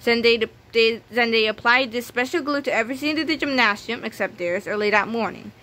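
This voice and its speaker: A woman's voice: on the high side, a little fast, pushed and bright. A woman reading a children's book aloud, telling the story with small slips and restarts. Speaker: reader.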